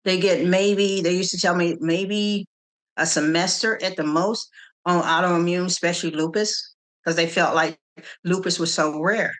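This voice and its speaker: A middle-aged woman from the Kansas City area, telling her story in an interview with animated quoted dialogue and frequent restarts. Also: on the low side, a little slow. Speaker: interview guest, nonprofit founder.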